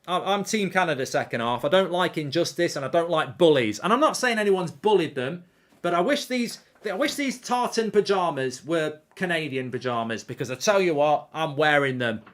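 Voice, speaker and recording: A man hosts a live football watchalong with a fairly high voice. He reacts in animated, indignant outbursts and reads viewer comments aloud in a casual, chatty way. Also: normal speed.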